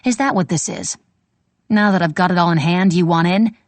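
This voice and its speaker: A woman's voice: lowish voice, moderate pace, no room sound, lightly acted. A woman playing a sly, scheming young thief. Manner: defiant, sly.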